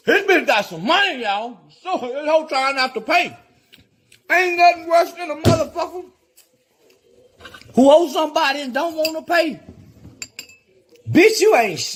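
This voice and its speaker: A man delivering a loud, profane rant in a video clip, repeating his insults over and over. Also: extremely high pitch, lively intonation, normal speed, slight background noise. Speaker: guest commentator in a played clip.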